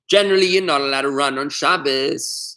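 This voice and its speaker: A middle-aged man, a rabbi, leading a casual online Talmud class, telling stories with lively asides and frequent restarts. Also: on the high side, a little fast. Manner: animated storyteller, warm asides, many restarts.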